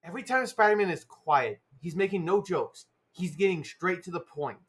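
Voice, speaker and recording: A young person in casual chat over a voice call, lively and quick to laugh. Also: mid-range voice.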